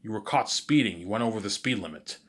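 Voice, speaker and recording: A stern traffic cop, put on by a deep-voiced man lays down the law in clipped, official phrases. The voice stays low and businesslike. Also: animated, fast, breathy edge.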